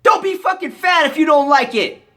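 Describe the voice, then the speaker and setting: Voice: sits high, animated, normal speed. Profane, scolding American vlogger. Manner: profane, blunt, scolding, bursts of shouting. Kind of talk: angry rant to camera.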